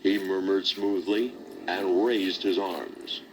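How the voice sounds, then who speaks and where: A man's voice: low-pitched, steady tone, takes it slowly, slight background noise. A man narrating a children's storybook record in a dramatic read-aloud style.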